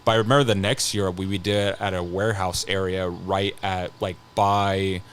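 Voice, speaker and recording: Rambling, halting man in his thirties. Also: low voice, steady tone, a bit bright, slight background noise. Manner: rambling, halting, with frequent restarts and casual swearing. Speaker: podcast guest, scare actor. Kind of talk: casual storytelling on a podcast.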